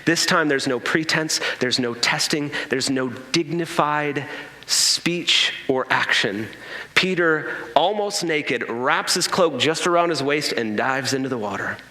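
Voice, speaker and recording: A man delivers a sermon in a bright, forward voice that sits a little high. He tells the story with animation, slipping into quoted voices and humorous asides. The sound carries a roomy, long reverb from a large church hall. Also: unhurried. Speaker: pastor. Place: church sanctuary.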